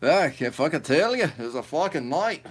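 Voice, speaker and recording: A man's voice: on the high side, sing-song, fairly quick, slightly rough. Loose, swearing male livestream host. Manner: loose and profane, rambling, laughs often. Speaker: livestream host reading chat. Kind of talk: casual livestream chat.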